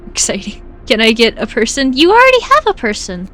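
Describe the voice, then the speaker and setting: A higher-pitched woman chats slowly and casually with her viewers while she plays, breaking into giggles between lines. She has the hiccups, and faint game music plays behind her. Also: huge pitch swings, a bit bright. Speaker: streamer. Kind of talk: casual live-stream chat while gaming.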